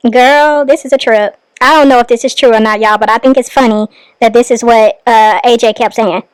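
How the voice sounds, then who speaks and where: A woman talks through a reaction video in a casual, blunt way, putting pointed questions to the person on screen. Her voice sits high. The recording is dry and close, with no room sound. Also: fairly even intonation, fairly quick, clear, resonant tone, no echo, rough recording. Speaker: reaction channel host. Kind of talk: casual commentary on a livestream clip.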